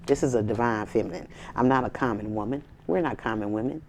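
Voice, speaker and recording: A woman's voice: rumbling low, fast talker, few pauses, darkish tone, slight background noise. A woman tarot reader in a casual spiritual reading to camera, talking in an emphatic, slangy, preachy way with sassy asides.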